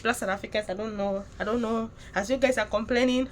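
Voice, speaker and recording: A woman with a Nigerian accent giving heated, indignant reaction commentary, often rising into loud emphatic outbursts. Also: a little high, fairly even intonation, fast talker, hardly any pauses.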